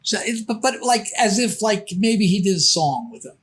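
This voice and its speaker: Older man, high voice, casual storytelling, rambling, acts out quotes. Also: lively intonation, moderate pace, a bit bright, husky. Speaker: podcast guest.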